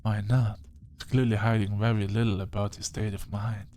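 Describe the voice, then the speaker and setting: An actor playing a wise, dryly encouraging ancient male vampire mentor in a game, speaking in a measured way. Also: on the low side, little pitch movement, warm tone, a little hiss or hum, lightly acted. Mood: gentle.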